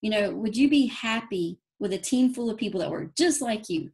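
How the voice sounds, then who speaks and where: A woman speaks on a team call. She gives a folksy, earnest pep talk, moving quickly from point to point. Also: medium pitch, animated, creaky, a little mellow. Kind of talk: motivational talk. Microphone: phone or call audio.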